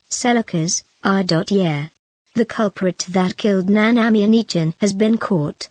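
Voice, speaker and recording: A woman's voice: medium pitch, a little mellow, no echo. A woman narrating a web novel aloud, reading a long run of numbered online comments one after another.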